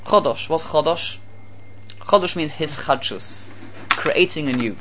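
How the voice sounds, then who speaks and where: A man giving a Torah talk as a sermon, animated and repeating phrases for emphasis, with Hebrew terms mixed in. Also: a little high, a little slow, muffled recording, slight background noise. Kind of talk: sermon with storytelling.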